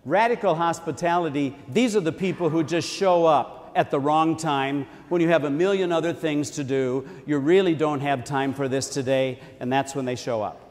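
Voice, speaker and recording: A man's voice: fairly high pitch, normal speed, hardly any pauses, darkish tone, in a large hall. A man preaching a sermon in a church in a conversational tone, repeating key phrases for emphasis.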